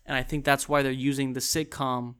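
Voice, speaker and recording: Smooth-voiced man rambling about a TV show. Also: mid-range voice, little pitch movement, fairly quick, fairly bright tone. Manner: rambling, many restarts and fillers. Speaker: TV show reviewer. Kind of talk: casual recap and commentary.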